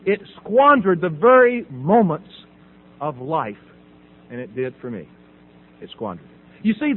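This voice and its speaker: A middle-aged man from the American South tells his recovery story, acting out conversations and laughing often. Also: high voice. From Southern United States. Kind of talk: personal testimony talk. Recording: tinny phone-like audio.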